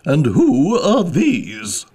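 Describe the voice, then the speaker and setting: A man voicing a furious, shrill, tyrannical queen who screams her orders. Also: wildly swooping pitch, drawn-out words, dark tone, breathy edge, exaggerated voice. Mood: shrill fury.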